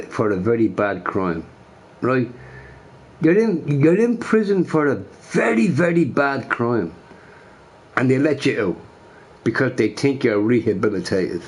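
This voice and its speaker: Give me a man on a casual rant, emphatic and repetitive, with a very lively pitch. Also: measured pace. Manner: emphatic, repeats phrases, says bro a lot.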